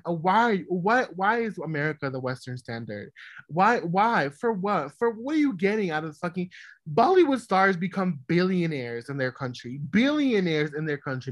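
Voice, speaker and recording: A woman's voice: low-pitched, no echo. A woman from New York, a podcast co-host, ranting emphatically and with heavy swearing in casual chat.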